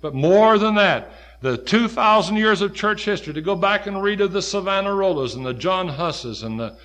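A man preaching a sermon, quoting scripture in old King James wording and swinging from emphatic, loud peaks down to low, quiet stretches. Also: expressive, moderate pace.

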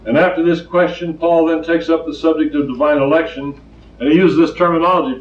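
A slightly high voice with fairly even intonation belongs to an older man preaching a little fast. His plainspoken sermon leans on storytelling and emphatic repetition, captured in a distant, roomy, lo-fi recording.

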